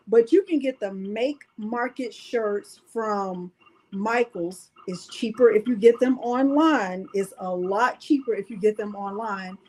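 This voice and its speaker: A woman's voice: on the high side, a little mellow, poor audio. A woman hosting a casual crafting livestream. She talks straight to her viewers in a playful, chatty way and uses dialect speech. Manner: dialect speech, drops verb endings. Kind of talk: casual live crafting chat.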